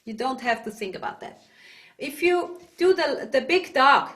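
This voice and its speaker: A Swiss German woman teaches yodelling over a video call, her voice high and her pace unhurried. She searches for English words as she explains, then bursts into loud calls and barks to show the sound. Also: expressive. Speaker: yodel instructor. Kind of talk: online singing lesson.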